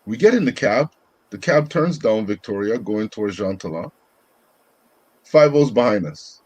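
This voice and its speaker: A man co-hosting a casual podcast, telling a story step by step in relaxed slang. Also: fairly low pitch, moderate pace, husky, no echo. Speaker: podcast co-host.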